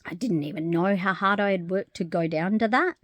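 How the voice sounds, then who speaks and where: A woman talking openly to camera in a casual vlog, animated and frank, swearing freely and laughing often. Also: lowish voice, brisk, dry recording. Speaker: vlogger. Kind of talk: casual personal monologue.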